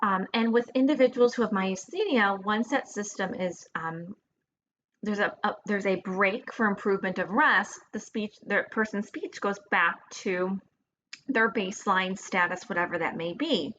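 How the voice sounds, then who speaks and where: A woman's voice: mid-range voice, moderate pace, fairly bright tone. A woman giving a recorded lecture in a casual, hesitant way with fillers and restarts. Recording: dull lo-fi recording with faint noise.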